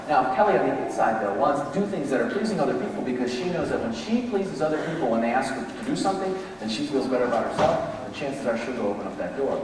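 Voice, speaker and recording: A man giving a lively motivational leadership talk to a live audience, acting out the voices of people in his examples. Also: medium pitch, slight background noise. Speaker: motivational speaker. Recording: echoey hall, mic from a distance.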